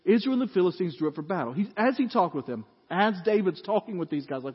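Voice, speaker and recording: A man preaching a sermon, telling a story with animated acted-out voices and frequent laughs. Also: high-pitched, quick pace, few pauses, slightly rough. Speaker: pastor. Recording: dull lo-fi audio with long hall reverb.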